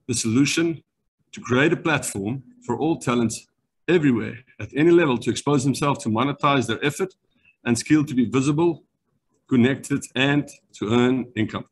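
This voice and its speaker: A man from South Africa with a South African accent, delivering a brisk, rehearsed startup pitch over a video call. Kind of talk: online pitch presentation.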